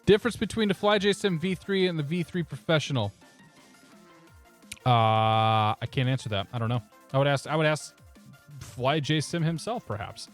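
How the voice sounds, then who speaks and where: A man's voice: mid-range voice, normal speed, faint music behind. A man chatting casually on a live stream, laughing often and talking through his cockpit steps. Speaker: flight sim streamer.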